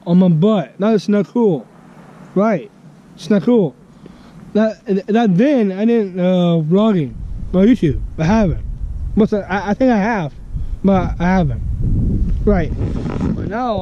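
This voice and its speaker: Halting man vlogging on an action cam. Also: sits high, warm tone. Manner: halting, repeats words, many restarts. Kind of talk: casual vlog talk to camera. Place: outdoors in snow. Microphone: action camera held by the speaker. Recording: dull lo-fi action camera audio.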